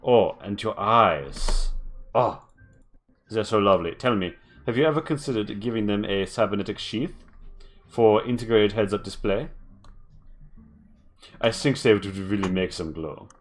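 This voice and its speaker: A man voicing a posh woman who flatters and schmoozes strangers with a sales-pitch gush. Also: measured pace, pauses often, slight background noise, lightly acted. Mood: flattering.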